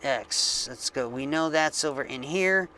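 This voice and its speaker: Guy doing a coding tutorial at his desk, talks slow, lots of ums, bright tone. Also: medium pitch, a little hiss or hum. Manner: slow, thinking aloud, with frequent fillers. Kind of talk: screen-recorded coding tutorial. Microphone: desk mic with face cam.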